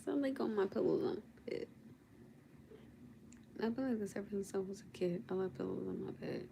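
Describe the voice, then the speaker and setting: Young woman host, drowsy and playful, low gravelly tone, faint hiss behind her. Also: fairly quick. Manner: sleepy, teasing, laughs often. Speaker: livestream host. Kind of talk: casual late-night livestream chat. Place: at home in bed.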